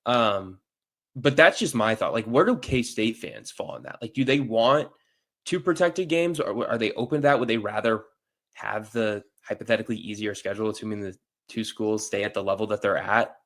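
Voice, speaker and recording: A man with a lowish voice who grew up near St. Louis, guesting on a sports podcast. He talks casually and with feeling, peppering his points with "like.". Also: normal speed. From near St. Louis, US Midwest. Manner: animated opinions, repeated "like". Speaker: guest reporter.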